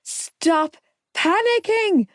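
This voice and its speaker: A woman's voice: very high-pitched, takes it slowly, darkish tone, no room sound, clean studio sound, pitched above the performer's own voice. A woman voicing a young woman in labour, crying out in pain and pleading, for an audiobook. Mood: pained, panicked. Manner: pleading, breathless cries.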